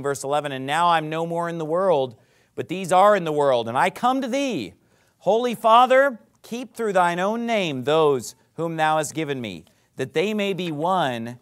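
Man, pastor, sermon, high-pitched, lively swooping delivery, emphatic, repetitive, reads scripture aloud. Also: moderate pace. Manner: emphatic, repeats phrases, climbs to loud peaks; reads scripture aloud in King James wording.

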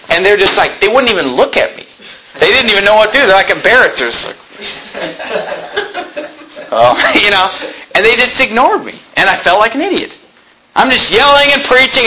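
A male pastor preaching a sermon in an emphatic way, mocking street preachers with loud shouted impressions. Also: sits high, rough recording.

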